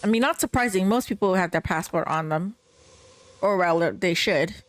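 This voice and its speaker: A woman's voice: lowish voice, moderate pace. Young woman streamer, casual, sarcastic commentary over a game. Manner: chatty, blunt, sarcastic asides.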